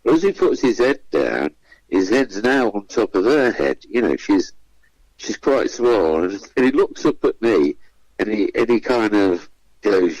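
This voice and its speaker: A comedian on a radio interview tells chatty stories, voicing the people in them with big pitch swings. His lowish voice has a darkish tone and a measured pace. There's no room sound, though the recording is rough.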